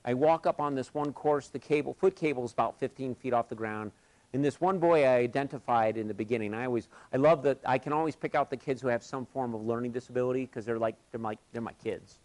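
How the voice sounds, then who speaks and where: A man leading a live workshop, telling stories in an animated way and acting out what people said. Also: medium pitch, fast. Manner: animated, acts out quoted voices. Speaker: workshop facilitator. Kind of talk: storytelling at a workshop. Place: conference session, recorded live.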